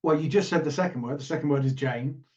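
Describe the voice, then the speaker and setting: A man's voice: fairly high pitch, quick pace, a little mellow, muffled recording. A man co-hosting a casual podcast, talking in a playful, rambling, teasing way. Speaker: podcast co-host. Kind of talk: casual chat.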